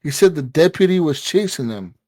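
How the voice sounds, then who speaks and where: Fairly quick and on the high side, this man co-hosts a gaming podcast, recorded dry. Telling a story in casual chat, he gets excitable and swears, with plenty of fillers and quotes he acts out.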